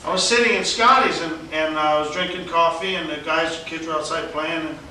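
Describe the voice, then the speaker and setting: A man telling his testimony as an evangelist, in an animated storytelling way, laughing often and acting out other people's lines. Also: a little high, fairly quick, a little hiss or hum. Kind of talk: storytelling conversation. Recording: very echoey room, mic at a distance.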